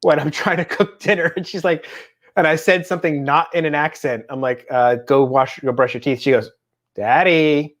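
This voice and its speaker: A man in his thirties co-hosting a casual chat show, telling animated family stories and slipping into quick impressions. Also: fairly high pitch. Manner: chatty, animated storytelling with voiced impressions. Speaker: podcast co-host.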